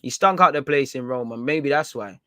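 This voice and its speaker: A man's voice: medium pitch, normal speed, a bit bright, no echo, studio quality. A man hosting a fan live stream, chatting casually in slang and reading out viewer comments. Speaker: fan channel host.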